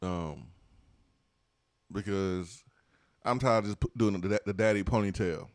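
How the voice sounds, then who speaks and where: A playful man co-hosting sports talk radio, voice sitting fairly low. He loops catchphrases and laughs easily, and the studio sound is dry and close. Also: measured pace, no echo. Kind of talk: casual sports talk chat.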